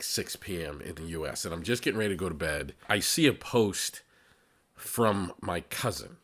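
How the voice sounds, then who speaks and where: A man's voice: low-pitched, fairly bright tone. A man hosting his own podcast, telling a personal story in an earnest, conversational way, often repeating words and restarting his sentences. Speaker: podcast host, psychotherapist.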